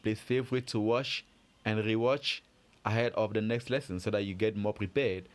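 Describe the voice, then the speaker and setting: A man's voice: fairly low pitch, fairly even intonation, normal speed. A man teaching a French pronunciation lesson, explaining step by step in a patient, methodical way and quizzing his learners as he goes. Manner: patient, methodical, asks learners questions and answers them.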